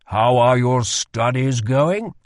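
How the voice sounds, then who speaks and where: A man voicing a measured, formal middle-aged king addressing two young men. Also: mid-range voice, animated, dry recording, studio quality. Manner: formal, unhurried.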